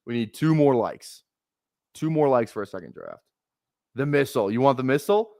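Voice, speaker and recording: A young man hosting a casual live stream, talking fast in rambling bursts with restarts and plenty of swearing. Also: medium pitch, lively intonation, creaky, a little mellow, no echo, studio quality. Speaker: fantasy football streamer.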